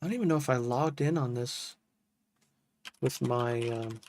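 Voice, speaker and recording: A man's voice: mid-range voice, moderate pace, darkish tone, slight background noise. A man casually chatting to his live-stream chat as a music producer, loose and enthusiastic, dropping "dude" and "bro" often.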